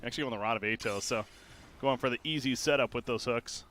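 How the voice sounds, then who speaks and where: Bright-voiced male esports caster. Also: a little hiss or hum. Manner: quick play-by-play that surges in pitch and volume during fights. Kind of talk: live play-by-play commentary. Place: home streaming setup.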